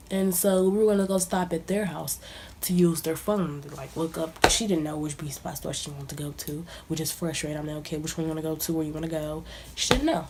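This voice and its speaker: In a relaxed vlog-style storytime monologue, a young woman shares a personal story and sometimes sinks to a near-whisper. Her mellow voice sits slightly low, and a faint hiss runs beneath the recording.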